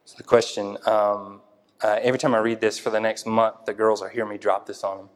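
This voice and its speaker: A man's voice: lowish voice, level tone, fairly quick. A man preaching an informal sermon in a conversational way, thinking aloud with many fillers and restarts. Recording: long hall reverb.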